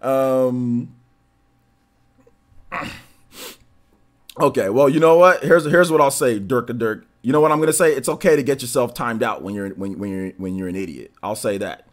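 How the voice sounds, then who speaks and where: A man's voice: mid-range voice, moderate pace, pauses often. A young adult man hosting a live-stream Q&A in casual chat, rambling and talking to his chat. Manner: rambling, restarts, talks to chat.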